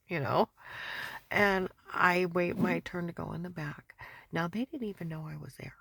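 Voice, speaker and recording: Husky, gravelly woman telling a rambling story. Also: on the low side, normal speed, fairly bright tone. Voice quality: often drops to a breathy whisper. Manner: agitated, repetitive storytelling. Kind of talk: rambling personal monologue.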